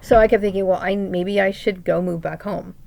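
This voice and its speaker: A middle-aged woman with a heavily gravelly, fry-laden voice talks straight to her camera in a long, rambling vent. She sounds indignant, keeps restarting her sentences and tags nearly every point with a questioning "right?". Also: mid-range voice, fairly even intonation, a little fast, a little mellow. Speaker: vlogger. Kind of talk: personal venting monologue.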